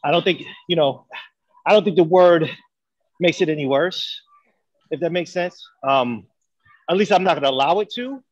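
A man's voice: fairly high pitch, normal speed, pauses often, no room sound, highs cut off. A man co-hosting a casual debate chat, speaking earnestly and thinking aloud with many fillers. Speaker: podcast co-host.

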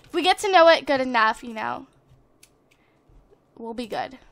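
A young woman giving chatty, excitable let's play commentary as a gaming channel host on a desktop microphone at home. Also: high voice, moderate pace, vocal fry, no echo. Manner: chatty and excitable, gasping at surprises. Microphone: desktop USB microphone.

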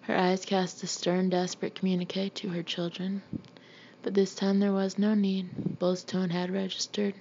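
A woman narrates a novel in a steady, even manner. Her tone is mellow and warm. The recording sounds slightly dull, with a faint hiss behind it. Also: medium pitch, normal speed. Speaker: audiobook narrator. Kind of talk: scripted narration.

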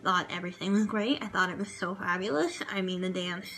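A woman's voice: lowish voice, fairly quick, crowd noise, low-quality recording. A woman chatting casually in a vlog review of a TV show, gushing and rambling with lots of fillers. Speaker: vlogger reviewing a TV dance show.

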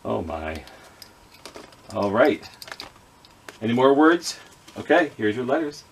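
A man's voice: mid-range voice, sing-song, takes it slowly, creaky, slight background noise. A man leading a children's reading skit with puppets, patiently sounding out letters and words. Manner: gently apologetic with the puppets. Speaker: children's librarian.

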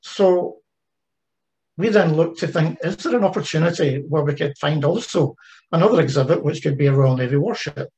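A man's voice: on the high side, moderate pace, a little mellow, poor audio. A man giving an online presentation about a heritage ship project, talking conversationally with frequent fillers and restarts. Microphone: video call.

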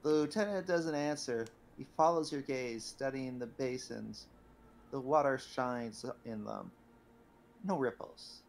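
Slow, hesitant gamer guy reading narration. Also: mid-range voice, vocal fry. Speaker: game player reading narration. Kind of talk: casual let's-play chat.

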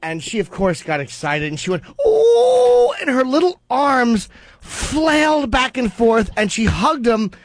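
A comedian on a radio show, trading crude, mocking shock-humor jokes in studio banter. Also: male voice, very high-pitched, lively intonation, a little slow, no echo.

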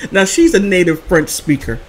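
A woman vlogger telling funny stories in a casual, animated way, laughing often between phrases. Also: low voice, background noise. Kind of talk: casual storytelling vlog.

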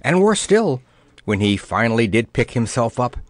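A man narrating a children's storybook in an expressive, playful way. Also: mid-range voice, moderate pace, dry recording. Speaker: audiobook narrator.

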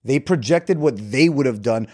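A man's voice: mid-range voice, animated, normal speed, darkish tone, no echo, clean studio sound. A man hosting a podcast, telling a story in a candid, self-reflective way and swearing casually. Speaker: podcast host.

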